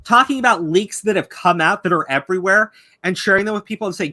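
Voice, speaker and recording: A man's voice: high-pitched, sharp tone. A man hosting a commentary stream, ranting angrily and swearing heavily. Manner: angry, profane, rapid ranting. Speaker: YouTube commentary host.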